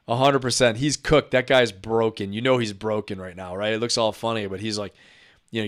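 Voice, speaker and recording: A man's voice: mid-range voice, smooth. A middle-aged man hosting a live stream, reacting to clips in a casual, chatty way, laughing often and talking to his viewers.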